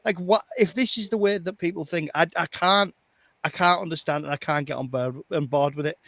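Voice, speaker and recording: A man's voice: a little high, fairly quick, vocal fry, sharp tone, no room sound. A man co-hosting a podcast, talking in an emphatic, exasperated way and repeating himself as he makes his point. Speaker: podcast co-host. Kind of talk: opinionated casual chat.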